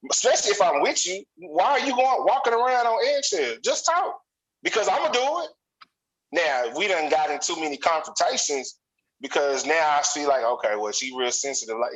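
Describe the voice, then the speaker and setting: Blunt, animated man talking straight. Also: on the high side, low-quality recording. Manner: blunt, animated storytelling with slang. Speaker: podcast co-host. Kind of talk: casual chat.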